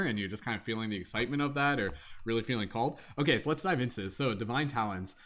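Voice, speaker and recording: A man's voice: mid-range voice, expressive, fast, few pauses. A young man giving a casual live-stream tarot reading, reading card text aloud and then chatting loosely with lots of "like". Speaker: tarot reader.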